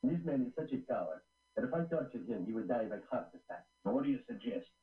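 A man's voice: mid-range voice, lively intonation, fast talker, close to an everyday voice. An actor playing a scheming adult male pirate in an old adventure film. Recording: echoey old film audio played over a phone-like line.

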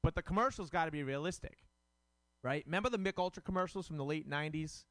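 A male comedian works through a loose, self-mocking bit, padding every thought with fillers. His voice is smooth and clear, a little higher than most men's. The sound is close and dry. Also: quick pace, fairly bright tone, no room sound. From Rhode Island. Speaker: stand-up comic. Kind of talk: stand-up comedy set.

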